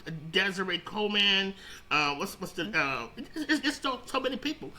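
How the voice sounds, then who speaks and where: A middle-aged man with a high, very bright and forceful voice tells stories in a casual interview. He rambles, stumbles over restarts and repeats phrases, and gets animated as he goes. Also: normal speed, rough recording. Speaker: interview guest, radio founder.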